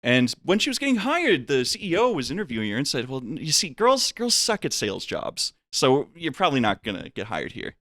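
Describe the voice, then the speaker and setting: A man casually telling a long story on a podcast, acting out the people in it with big jumps in pitch. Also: fairly quick, hardly any pauses, dry recording, studio quality. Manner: animated, acts out voices with big pitch jumps. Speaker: podcast guest.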